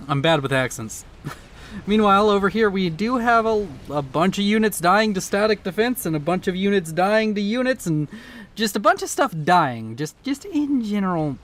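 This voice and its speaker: A man with a fairly high voice casts a strategy match in loose, excitable commentary. His throat is sore from yelling, and he rambles, swears casually and trips over his words as he drifts off topic. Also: moderate pace. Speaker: game caster.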